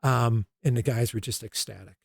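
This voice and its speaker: A man's voice: medium pitch, normal speed, gravelly, slightly rough, no echo, clean studio sound. A middle-aged man, a basketball coach as guest, telling stories and acting out quoted dialogue. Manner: animated storyteller, acts out quoted dialogue. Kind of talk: storytelling interview talk.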